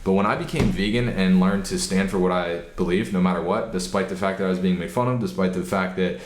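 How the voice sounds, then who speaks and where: Deep-voiced man hosting a casual chat. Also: fast, a little hiss or hum. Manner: relaxed, filler-heavy. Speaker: podcast host. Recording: roomy echo.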